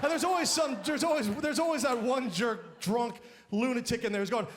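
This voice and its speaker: A man doing a stand-up comedy routine on a live stage, loud and exaggerated, often shouting his punchlines. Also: very high-pitched, fairly quick. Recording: live stage mic, crowd laughter and noise. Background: audience laughing.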